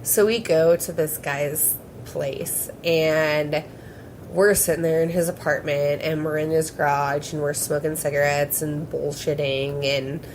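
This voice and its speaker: A young woman drawls through a casual podcast story at an unhurried pace, her voice sitting a little low. She rambles, swears freely and keeps breaking into giggles, with a faint hiss of noise under the recording. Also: steady tone, poor audio. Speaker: podcast host.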